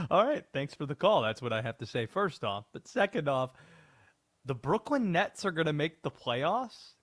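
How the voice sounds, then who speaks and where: A man hosting a call-in sports talk radio show, taking calls and teasing a caller's bold predictions. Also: fairly high pitch. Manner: lively, takes calls and needles a caller's hot take.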